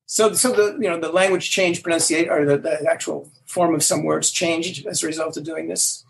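An older man, a language creator, answering interview questions with animated stories and acting out the quoted lines. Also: on the high side, moderate pace, gravelly, poor audio.

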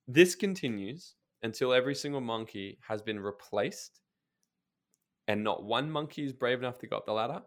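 A man on a podcast, speaking as a coach in casual chat, blunt and emphatic, swearing freely and telling stories with quick asides. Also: medium pitch.

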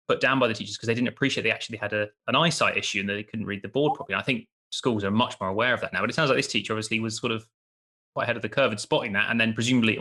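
A male podcast host asking long, hedging questions. His voice is gravelly with lots of fry, bright and tense, and he talks fast. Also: mid-range voice. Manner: hedging, many fillers like "sort of". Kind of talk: interview hosting.

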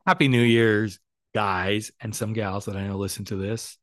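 A man's voice: lowish voice, steady tone, normal speed, fairly bright tone, no echo, studio quality. A middle-aged man hosting a podcast as a coach, talking in a casual, emphatic, motivational way and swearing freely.

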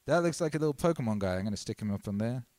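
A man's voice: mid-range voice, expressive, very fast, darkish tone, no echo. A man hosting a livestream, chatting casually in a laid-back, slangy, rambling way. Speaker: livestream host.

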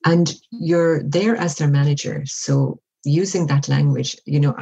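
A woman speaking as an interview guest, giving measured, reflective advice and often acting out example conversations. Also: sits low, steady tone, vocal fry, dark tone, breathy edge, lo-fi sound. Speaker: workplace wellbeing guest.

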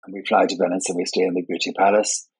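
An older man talks quickly in a low, breathy voice with little pitch movement, appearing as a guest in a conversational interview and telling playful stories at his own expense. He's a party and wedding designer who grew up in Scotland but has no Scottish accent and sounds English; there's no room sound, and the audio is poor.

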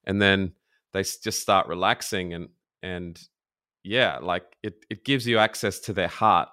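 A man interviewing a pastor in casual chat, relaxed and reflective. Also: low-pitched, unhurried, clear, resonant tone.

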